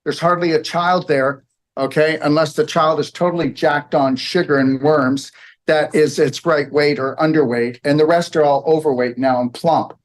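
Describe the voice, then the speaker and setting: A man lecturing to a live audience in a room, his voice sitting fairly high for a man. He rambles and presses his points hard, forever tacking on okay and all right. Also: fairly even intonation, normal speed.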